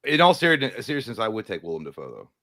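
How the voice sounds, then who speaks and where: A man's voice: fairly low pitch, huge pitch swings, fast talker, pushed and bright, no echo. A man co-hosting a casual movie chat, joking and crude in loose banter. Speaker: co-host.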